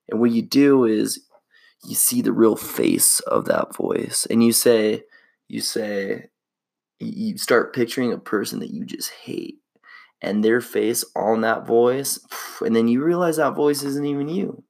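A man's voice: medium pitch, animated, unhurried, gravelly, darkish tone. A young man hosting a casual solo podcast, laid-back and slangy, reflecting on his life. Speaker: podcast host.

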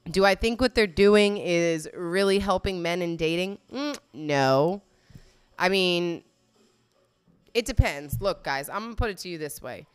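A woman's voice: fairly low pitch, unhurried, smooth. A woman giving casual, blunt and profane commentary, laughing often as she reacts to a video.

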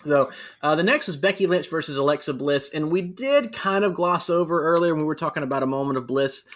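A man in his thirties co-hosting a casual wrestling chat, animated and rambling with fillers. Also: fairly high pitch, fairly quick. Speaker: podcast co-host.

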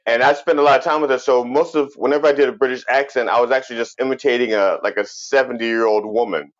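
A man's voice: medium pitch, fast, dull audio. A man co-hosting a podcast in casual chat, telling stories with lots of restarts. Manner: lively storytelling, stammers and restarts.

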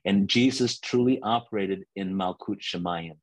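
A man preaching a teaching sermon to listeners on a call line, earnest, often restarting words and slowing down for scripture. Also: low voice, no echo, rough recording.

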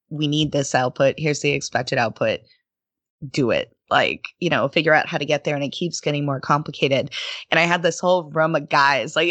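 A woman's voice: sits low, a bit bright, dry recording. A woman guest on a podcast, chatting casually and animatedly, laughing often and slipping into quoted voices as she tells stories. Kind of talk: casual interview conversation.

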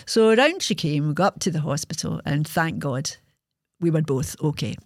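A Scottish woman in her sixties tells a story from her own life with blunt, salty candour, with no polish on her language. Her voice sits low for a woman, and it is recorded close and dry with no room sound at all. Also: animated, normal speed, dry recording. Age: 60s. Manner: frank, earthy, swears freely. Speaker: podcast host. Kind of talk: personal storytelling.

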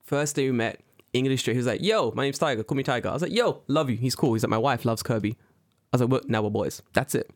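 A young man from the UK, co-hosting a casual podcast chat, telling stories in an animated, slangy way and acting out the people he quotes. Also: quick pace, no room sound, studio quality. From United Kingdom. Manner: animated storytelling, acts out quoted people with big pitch jumps; swears freely, slangy. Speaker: podcast co-host.

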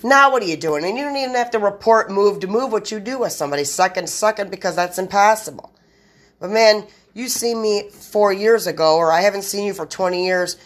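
A woman's voice: medium pitch, fairly quick. A woman hosting a solo podcast, rambling in blunt, profane run-on sentences straight to her listeners. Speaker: podcast host.

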